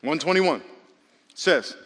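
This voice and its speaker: Lively pastor preaching in a reverberant hall. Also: male voice, on the high side, takes it slowly. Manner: lively, joking, calls on the congregation. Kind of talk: sermon.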